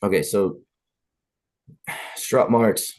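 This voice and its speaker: A man's voice: fairly low pitch, drawn-out words, a little mellow. A man with a Southern US accent hosting a podcast, talking casually and chattily, wandering between thoughts and cutting himself off. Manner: rambling, self-interrupting, chatty. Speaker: podcast host.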